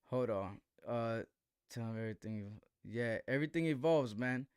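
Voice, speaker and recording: A man's voice: medium pitch, normal speed, clear, resonant tone, no echo, clean studio sound. A man hosting a live boxing commentary stream, talking in slang with a defensive tone and asking "right?" again and again.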